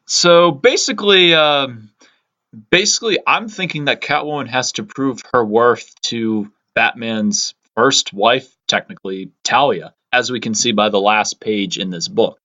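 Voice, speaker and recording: A man's voice: mid-range voice, a little slow, bright, forceful tone, highs cut off. A man co-hosting a comic book podcast, speaking hesitantly with frequent "um" and "basically". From Pennsylvania, US. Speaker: podcast co-host. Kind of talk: casual chat.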